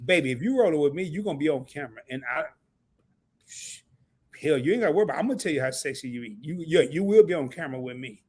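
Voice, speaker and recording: A man with a country Southern US accent, joking loudly and colloquially as a guest on a casual live stream. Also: on the high side, lively intonation, husky. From rural American South. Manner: loud, joking, drawn-out exclamations, colloquial.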